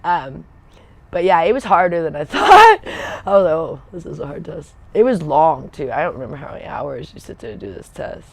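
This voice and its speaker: A woman's voice: sits low, very animated, a little fast, gravelly. A woman telling a casual story in a loose, rambling way. She wanders off on side paths, loses her thread and laughs often as she goes. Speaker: Air Force veteran telling stories on a livestream.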